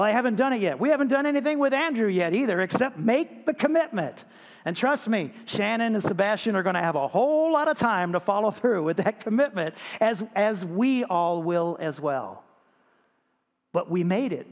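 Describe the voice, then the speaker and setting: High-voiced male pastor in echoing hall. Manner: conversational, asks the congregation rhetorical questions. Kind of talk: sermon. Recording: long reverb of a large hall.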